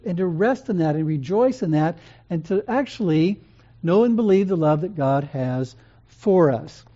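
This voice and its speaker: An earnest preacher with a warm, mellow tone speaks in a gentle, measured way, pausing often. The recording sounds dull and lo-fi. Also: medium pitch. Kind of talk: sermon.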